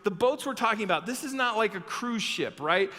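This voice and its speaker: A young male youth pastor tells a Bible story with animated energy, jumping into the characters' lines. His voice is high and sharply bright. Long reverb of a hall trails behind him. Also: a little fast. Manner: animated, acts out the story with shouted quotes. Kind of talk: youth sermon with Bible reading.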